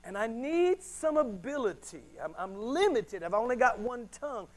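A middle-aged man preaching a sermon as a pastor, swinging between hushed and loud delivery. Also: very high voice, sing-song, normal speed, low-quality recording.

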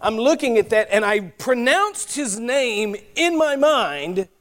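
A man's voice: very high-pitched, sing-song, takes it slowly, a bit bright. A man with a Southern US accent from North Carolina, preaching a sermon in a folksy, chatty way, with asides and spelled-out words. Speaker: pastor.

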